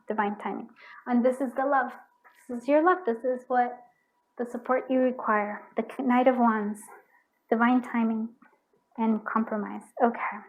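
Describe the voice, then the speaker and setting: A woman's voice: fairly high pitch, fairly even intonation, measured pace, pauses often, narrow, tinny audio. A woman giving a pick-a-card tarot reading, effusive and emotional, with frequent restarts. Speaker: tarot reader.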